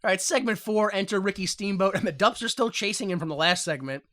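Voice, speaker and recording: Guy doing a wrestling recap, bright clear voice, keeps cracking up and squeaking out quotes. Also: fast talker. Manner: laughs often, acts out quotes in a loud squeaky voice. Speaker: podcast host recapping wrestling. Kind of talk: casual podcast chat.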